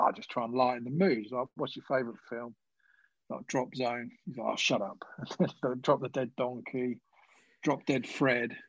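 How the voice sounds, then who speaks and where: Husky man telling cricket stories. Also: on the high side, no echo, highs cut off. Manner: laughing anecdotes, quick asides. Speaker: podcast guest, former cricketer. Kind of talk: casual storytelling chat.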